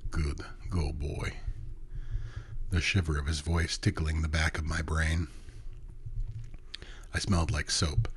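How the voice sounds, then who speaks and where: A man narrating a first-person story in an intimate, hushed way, often dropping to a whisper. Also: a bass voice, slightly rough.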